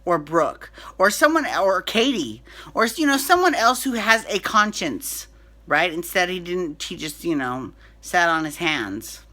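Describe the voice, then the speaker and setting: Bright-voiced recap host rambling through the week's soap drama, super opinionated. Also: medium pitch, big pitch swings, a little slow. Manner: chatty, opinionated, many restarts and fillers. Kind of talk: casual chat.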